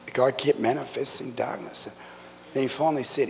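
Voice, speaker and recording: A middle-aged man preaching a sermon in a church, telling stories with fervent, emphatic delivery that builds to loud climaxes. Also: mid-range voice, steady tone, fairly quick, vocal fry, a little hiss or hum. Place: church sanctuary. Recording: echoey church hall.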